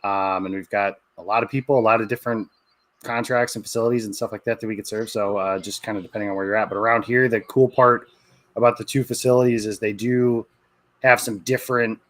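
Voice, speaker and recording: A man in his thirties talks in a relaxed, rambling way as a podcast guest, with plenty of "uh" and "like." His voice sits fairly low, and the sound is dry and close. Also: fast talker, no echo. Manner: easygoing, rambling, many fillers. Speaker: guest, sportswriter. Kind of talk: casual podcast interview.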